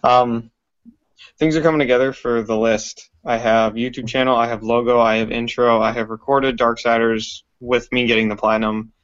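A man's voice: medium pitch, fairly even intonation, normal speed, muffled recording. A man co-hosting a casual gaming podcast, talking in short, matter-of-fact bits. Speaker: podcast co-host.

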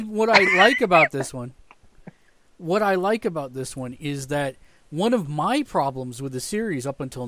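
Animated man in casual podcast chat. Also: a little high, no echo. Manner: animated, excitable, repeats himself. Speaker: podcast co-host.

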